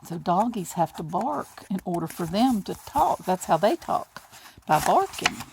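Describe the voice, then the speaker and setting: A woman's voice: fairly low pitch, very animated, unhurried, vocal fry, darkish tone, slight background noise. A woman reading a children's picture book aloud, doing voices for the characters and adding little asides to her listeners. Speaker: storybook reader.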